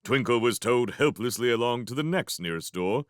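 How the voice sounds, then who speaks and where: A man reading a novel chapter aloud as a fan reading, narrating in an animated way. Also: medium pitch, normal speed, no echo, clean studio sound. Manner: animated, voicing each character. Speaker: reader. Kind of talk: storybook narration.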